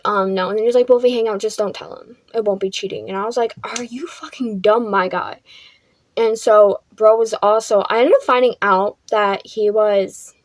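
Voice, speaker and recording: A woman's voice: medium pitch, darkish tone, no room sound. A young woman vlogger telling a casual storytime, chatty, filling her talk with "like" and swearing freely.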